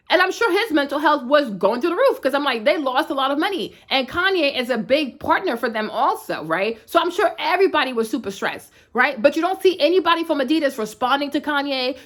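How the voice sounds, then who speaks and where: A young woman with a high voice delivers a blunt, emphatic rant as a fitness influencer. She talks in a sassy, slangy way and keeps checking in with her listener. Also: a bit bright. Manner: emphatic, repeats "right?" tags, slangy and sassy. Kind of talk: blunt direct-to-camera rant.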